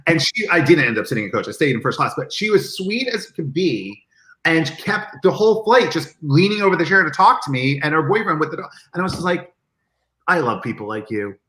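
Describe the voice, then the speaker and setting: A man telling stories as an interview guest, animated and acting out the lines he quotes in lively chat. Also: fairly high pitch, fairly quick, reverberant, rough recording. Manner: animated, acts out quoted dialogue. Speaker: guest, event marketing executive. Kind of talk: casual storytelling in an interview.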